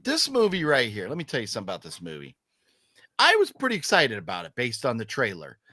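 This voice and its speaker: A man's voice: medium pitch, wildly swooping pitch, fast, pushed and bright, dry recording. A man hosting a casual movie chat, opinionated and emphatic, rambling with restarts. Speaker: podcast host.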